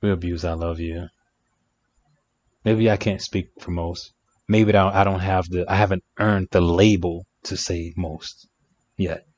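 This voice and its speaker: A man's voice: deep voice, fairly even intonation, normal speed, a little mellow. A man giving relationship advice in a reflective monologue, emphatic and repeating phrases for effect. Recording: dry, dull lo-fi sound.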